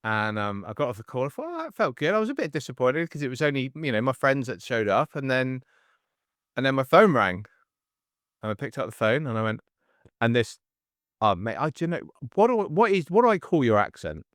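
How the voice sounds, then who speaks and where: A man in his forties hosting a casual podcast chat, telling stories in an animated way and acting out the people in them. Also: mid-range voice, fairly quick, no room sound, clean studio sound. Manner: animated storyteller, acts out the voices in his stories. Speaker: podcast host and coach.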